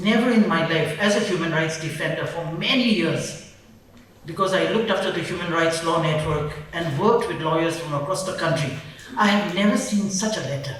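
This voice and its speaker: A woman's voice: on the low side, moderate pace, slight background noise. Indignant woman speaking in an echoey hall. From Nagaland. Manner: indignant, emphatic, repeats phrases. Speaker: human rights defender. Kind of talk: public panel talk. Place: large event hall. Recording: very echoey hall, mic far off.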